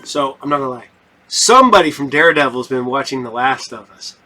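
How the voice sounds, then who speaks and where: A man hosts a podcast in loose, rambling chat full of fillers. His tone is bright and forceful, and his pitch sits in the middle. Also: expressive, brisk, faint music behind, low-quality recording. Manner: rambling, chatty, lots of fillers. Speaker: podcast host. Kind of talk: casual chat.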